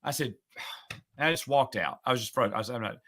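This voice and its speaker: A middle-aged man in casual chat, a podcast host who talks in a sarcastic, chatty way and gets animated when retelling a story. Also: medium pitch, quick pace.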